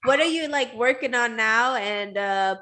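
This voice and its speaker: A woman's voice: a little high, measured pace, sharp tone. Chatty giggly woman host. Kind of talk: casual interview chat.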